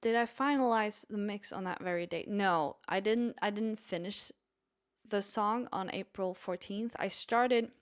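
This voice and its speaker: A woman's voice: medium pitch, unhurried. A woman musician chatting casually on her stream in a rambling, self-deprecating way.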